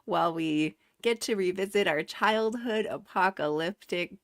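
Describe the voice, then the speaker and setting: A woman's voice: mid-range voice, unhurried, no room sound, clean studio sound. A woman in her forties co-hosting a reaction show, teasing and playful, laughing a lot. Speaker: co-host. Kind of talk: casual reaction-show chat.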